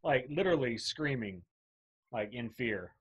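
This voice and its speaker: Husky man producer, teasing. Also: mid-range voice, expressive, unhurried, dull audio. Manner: teasing, matter-of-fact. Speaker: podcast producer. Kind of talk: casual chat.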